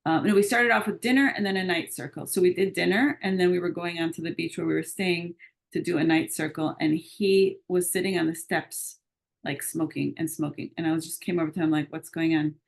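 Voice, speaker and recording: A woman's voice: fairly low pitch, fairly quick, vocal fry. A woman coach and retreat leader telling a story in a casual conversation and acting out the lines of the people in it. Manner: lively storyteller who acts out quoted dialogue.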